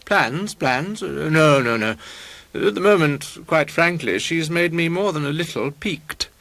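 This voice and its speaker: A man voicing a pompous, self-important painter who speaks in grand, measured tones. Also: a little high, creaky, fairly bright tone, no echo, pitched above the performer's own voice.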